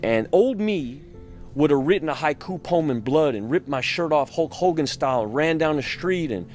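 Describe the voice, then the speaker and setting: A man's voice: on the high side, expressive, normal speed, darkish tone, soft background music. Profane, rambling male storyteller. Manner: loose and profane, with frequent restarts. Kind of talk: casual spoken storytelling.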